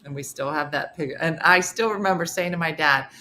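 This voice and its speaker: A woman's voice: deep voice, brisk, slight background noise. A middle-aged woman hosting a morning show, telling comic stories in a casual, laughing way. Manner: animated, laughing, slips into character voices for quotes. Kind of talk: casual comedic storytelling.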